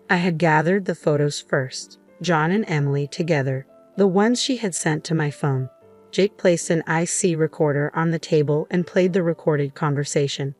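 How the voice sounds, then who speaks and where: A woman reading a first-person story aloud in a calm, even voice. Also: deep voice, normal speed, soft background music. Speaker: narrator.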